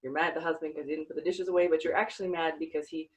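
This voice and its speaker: A woman's voice: deep voice, steady tone, rapid-fire, breathy edge, poor audio. A woman hosting a podcast interview, talking earnestly and reflectively with many fillers. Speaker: podcast host. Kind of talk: casual interview chat.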